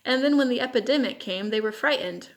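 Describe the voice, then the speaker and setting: A woman's voice: a little high, fairly quick, lightly acted. A woman reading the lines of a desperate young male captive soldier in a storybook, pleading and insistent.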